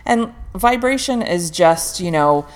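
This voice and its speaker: A woman's voice: lowish voice, lively intonation, takes it slowly. A woman guest in casual podcast chat, talking candidly with frequent laughter and the odd swear word.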